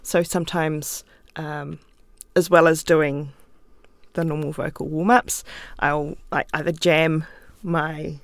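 Gravelly-voiced New woman, podcast guest. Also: low voice, little pitch movement, slow, no room sound. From New Zealand. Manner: thoughtful, chatty, laughs easily, talks with her hands. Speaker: interview guest, author and playwright. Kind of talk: casual conversational interview. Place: podcast studio. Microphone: studio microphone.

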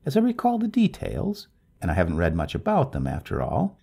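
A man's voice: wildly swooping pitch, a little fast, creaky, dark tone, breathy edge, heavily acted. A man putting on a cool, wry newlywed woman. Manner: composed and wryly reasonable in a raised falsetto. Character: calm, wry newlywed woman over thirty.

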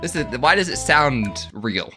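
Um homem youtuber de games narrando sua jogatina de forma agitada e brincalhona, rindo com frequência. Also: male voice, fairly high pitch, a little slow, over music. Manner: excitable, joking, often laughing. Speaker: gaming YouTuber. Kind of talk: let's-play commentary.

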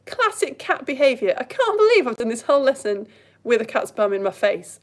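A young British woman teaching online chats with viewers on a live stream, bubbly and laughing often as she greets people by name. Her high-pitched voice is very animated and fairly quick.

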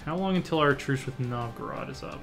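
A man's voice: medium pitch, lively intonation, a little fast, fairly bright tone, faint music behind. A man hosting a strategy game playthrough, thinking aloud as he clicks through menus and muttering half-finished plans. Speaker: let's play host. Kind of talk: casual gameplay commentary.

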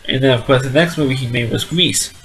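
A man's voice: medium pitch, fast, a bit bright, low-quality recording. Nasal man rambling through a review. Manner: rambling, with frequent restarts and stammered repeats. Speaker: TV show reviewer. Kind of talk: casual video review.

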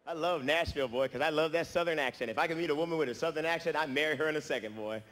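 A male stand-up comedian performing an animated set on stage, acting out the people in his stories. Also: a little high, very fast. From Harrisburg, Pennsylvania. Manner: animated, acts out other people's lines. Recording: reverberant live hall recording with audience noise.

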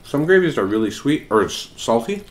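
A woman's voice: very deep voice, very animated, normal speed, a little hiss or hum. A woman eating on camera with her child, chatting casually and coaxing between bites. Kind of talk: casual eating vlog chat.

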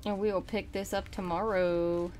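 A woman's voice: mid-range voice, level tone, moderate pace, a little mellow, a little hiss or hum. A young woman streaming a game, chatting casually and bubbly while tired and hiccuping, sometimes mumbling to herself. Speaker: livestreamer. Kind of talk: casual live stream chat.

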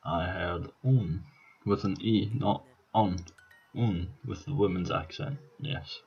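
A Scottish vlogger talks casually over his own language-app practice, let's-play style, thinking out loud and chuckling when he gets things wrong. His low, gravelly voice is slightly rough, fairly even in intonation and slow, and the sound is lo-fi.

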